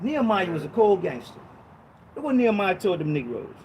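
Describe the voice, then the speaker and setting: A man preaching an informal Bible teaching sermon, emphatic and slangy, repeating himself and breaking into shouted bursts. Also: high-pitched, sing-song, fairly quick, slight background noise.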